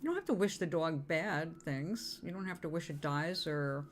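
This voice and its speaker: A woman's voice: low-pitched, animated, moderate pace, slight background noise. A woman giving a casual self-help talk, chatty and informal, with fillers and the odd swear word.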